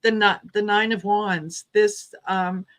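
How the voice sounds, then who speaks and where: A woman who reads tarot joins a relaxed livestream chat. She speaks slowly and without hurry, often repeating words as she finds her thought. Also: mid-range voice. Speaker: tarot reader guest.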